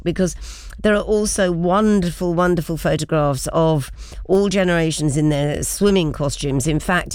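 A woman's voice: on the low side, a little mellow, dry recording, studio quality. A woman, hosting a chatty interview and laughing often. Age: 60s. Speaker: radio presenter. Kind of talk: casual interview chat.

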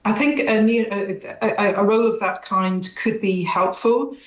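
A woman's voice: mid-range voice, measured pace, reverberant, poor audio. A woman academic expert giving careful, analytical answers in a news interview, with some hesitations.

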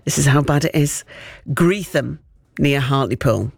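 A man's voice: mid-range voice, a little slow, creaky, breathy edge, dry recording. A man presenting a local radio phone-in, chatty and reading out listener messages with a chuckle, in a studio. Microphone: studio microphone.

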